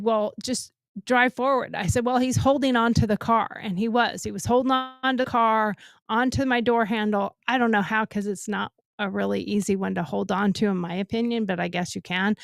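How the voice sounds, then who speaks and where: Animated woman telling a story. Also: gravelly, dry recording. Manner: animated, acts out quotes with rising pitch. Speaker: co-host of a talk show. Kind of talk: casual storytelling. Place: home.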